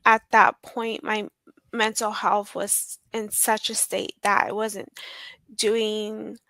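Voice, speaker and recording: A woman telling her personal story in an interview, hesitant, with many ums and pauses. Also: medium pitch, level tone, bright, forceful tone, no echo. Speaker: guest sharing her survival story.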